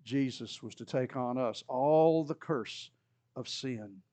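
This storytelling preacher speaks at a slow pace in a dark-toned voice, turning scripture into a narrative. When he quotes the figures in the text, he voices them with a rising pitch. No room sound is audible.

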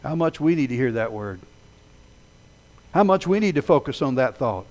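A man preaching a sermon, telling a story with dramatic swells that rise loud and then sink low. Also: lively intonation, moderate pace. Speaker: pastor.

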